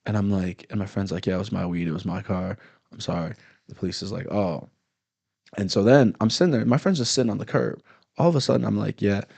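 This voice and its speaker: Gravelly man telling a story. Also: on the low side, fast, no echo. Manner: animated storyteller, acts out angry cops loudly. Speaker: comedian guest. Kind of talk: casual storytelling chat.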